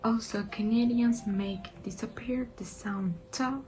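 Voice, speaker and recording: A woman reading a scripted lesson narration in a measured, explanatory way. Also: medium pitch, fairly even intonation, mellow, faint music behind, low-quality recording. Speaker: teacher.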